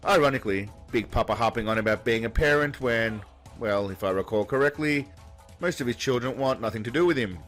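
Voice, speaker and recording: A man's voice: medium pitch, brisk, over music. Sarcastic man narrating a roast. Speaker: comedy narrator. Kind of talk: mocking commentary voice-over.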